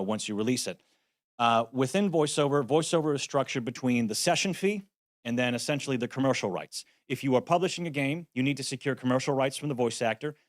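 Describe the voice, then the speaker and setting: A man's voice: mid-range voice, no echo, clean studio sound. A man, a voice actor, giving a practical conference talk with wry, self-deprecating asides. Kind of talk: conference presentation. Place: conference venue.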